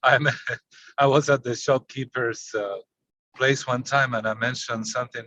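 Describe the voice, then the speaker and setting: A man's voice: medium pitch, fairly even intonation, moderate pace, fairly bright tone, a little hiss or hum, rough recording. A man in a study group telling a chuckling anecdote over a video call. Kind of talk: casual chat.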